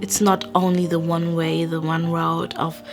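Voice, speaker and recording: A woman's voice: sits low, level tone, unhurried. Young woman chatting candidly over music. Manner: rambling, candid storytelling with frequent fillers and soft whispered asides. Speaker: vlogger. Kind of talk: casual chat. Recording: music playing behind.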